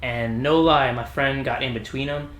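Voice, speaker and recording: A man in casual podcast chat, animated and quick to laugh. He voices the people in his stories in sudden high pitches. The room around him rings with echo. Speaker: podcast co-host telling stories. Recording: roomy echo.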